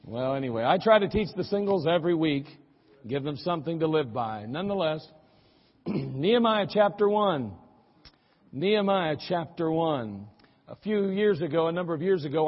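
Man preaching in a reverberant church. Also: fairly high pitch. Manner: folksy storytelling, then reading scripture aloud. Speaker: pastor. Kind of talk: sermon. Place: church sanctuary. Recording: archived church recording, dull and echoey.

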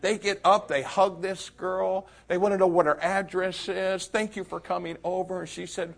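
A man preaching a sermon, telling a story and swinging from loud to hushed. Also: high voice, steady tone, moderate pace, vocal fry, few pauses.

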